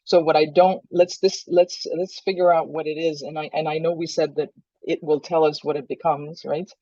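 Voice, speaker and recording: A woman co-hosting a podcast in casual chat over a video call, relaxed, chuckling and thinking aloud. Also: low voice, normal speed, dry recording, highs cut off. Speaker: podcast co-host.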